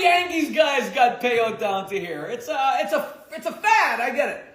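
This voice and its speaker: A man's voice: very high voice, big pitch swings, fairly quick, hardly any pauses, a bit bright. A man, a rabbi, giving an emphatic, joking lecture to a community audience and laughing at his own jokes. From United States. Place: lecture hall. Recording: echoey lecture hall.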